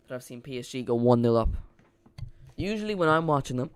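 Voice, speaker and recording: Streamer, male, casual match chat that loops back on itself; smooth, clean voice, dry close mic. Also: medium pitch, a little fast, dry recording. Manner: casual, rambling, repeats and corrects himself. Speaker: watch-along streamer. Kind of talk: live football watch-along commentary.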